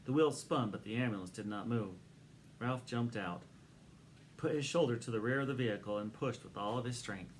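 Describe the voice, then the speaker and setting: A man narrating a children's book aloud in a steady, expressive reading voice. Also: mid-range voice, moderate pace, a little hiss or hum.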